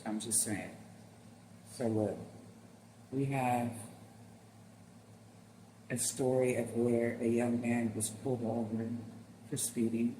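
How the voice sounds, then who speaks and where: A man's voice: medium pitch, flat delivery, slow, pauses often, warm tone, slight background noise. A man hosting a reaction video, speaking heartfelt to viewers as friends and easily moved to tears. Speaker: channel host. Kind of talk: reaction commentary on video clips.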